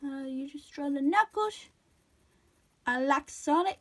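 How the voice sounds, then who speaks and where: Tired high-voiced young woman, cartoony. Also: expressive, takes it slowly, a bit bright. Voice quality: cartoony put-on voice. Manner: rambling, self-deprecating, stammering restarts. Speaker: drawing tutorial vlogger. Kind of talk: casual drawing commentary.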